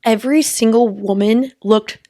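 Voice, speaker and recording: A woman with a fairly high voice, co-hosting a podcast in casual chat. She is playful and giggly, and she jokes around. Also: moderate pace, dark tone. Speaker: podcast co-host.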